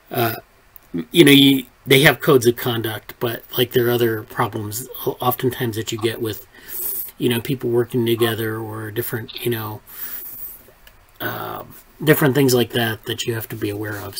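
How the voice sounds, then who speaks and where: Man, research group lead, loose rambling delivery, mid pitch, video call audio. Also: breathy edge, low-quality recording. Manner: rambling, many fillers and restarts. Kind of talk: casual meeting chat. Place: online video meeting.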